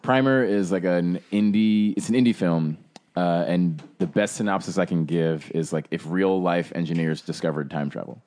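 A man with a very deep voice co-hosting a casual podcast. He talks in an easygoing, agreeable way and often chimes in with quick backing remarks. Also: a little mellow. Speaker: podcast co-host. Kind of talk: casual chat.

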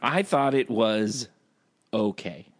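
A man's voice: lowish voice, animated, slow pace, no echo. A man co-hosting a podcast, chatting casually and laughing often. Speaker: podcast co-host. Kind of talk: casual chat.

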